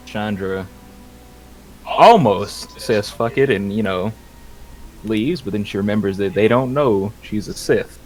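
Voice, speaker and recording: A man's voice: on the low side, takes it slowly, long pauses, darkish tone, low-quality recording. A man playing in a tabletop game, describing his character with dry, sarcastic humor. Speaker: player. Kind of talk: casual tabletop play.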